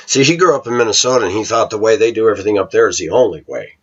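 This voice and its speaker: A man's voice: fairly low pitch, expressive, racing, fairly bright tone, husky. A middle-aged man talking to his viewers in a rambling, opinionated monologue. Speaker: vlogger. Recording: dull lo-fi recording.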